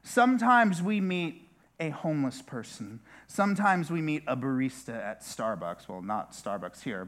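A man's voice: medium pitch, a bit bright. A man preaching a sermon as a pastor, speaking conversationally with frequent restarts and asides.

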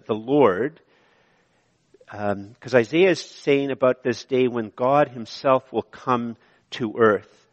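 A man's voice: mid-range voice, in a large hall. A male pastor delivering a sermon in a conversational way, with repeated phrases and asides to the congregation. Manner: conversational preaching with repetitions and asides. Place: church.

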